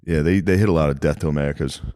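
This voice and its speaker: A man's voice: rumbling low, very fast, a little mellow, dry recording, studio quality. A man co-hosting a podcast in casual chat, laid-back and sardonic, with plenty of swearing. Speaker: podcast co-host.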